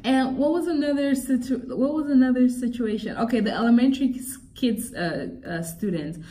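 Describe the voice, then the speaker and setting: A young woman vlogger telling a story about a past job in a casual, animated and exasperated way, often acting out quotes. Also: on the high side, normal speed, recorded from a distance. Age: young adult.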